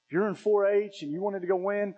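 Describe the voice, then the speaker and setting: A man preaching a sermon as pastor, impassioned, swinging between loud emphatic runs and quiet low asides. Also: steady tone, fast, in a large hall, muffled recording. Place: church sanctuary.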